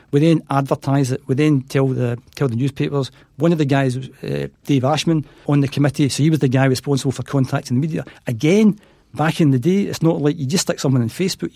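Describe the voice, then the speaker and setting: A man's voice: fairly high pitch, gravelly, mellow, dry recording. A middle-aged Scottish man, a podcast guest, telling stories and acting out the dialogue in them. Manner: acts out quoted dialogue in his stories. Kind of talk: anecdotal storytelling.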